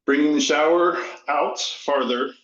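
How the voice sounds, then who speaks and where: A breathless man on a video call, asking a question in an apologetic, halting way. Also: a little high, a bit bright. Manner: apologetic, halting, restarts often. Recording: roomy dull video call audio.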